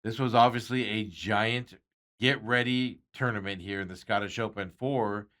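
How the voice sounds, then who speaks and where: A man with a lowish, fairly bright voice hosts a sports talk show, keeping a steady tone at normal speed. He chats casually and ramblingly about bets, reading out viewer comments and chuckling often.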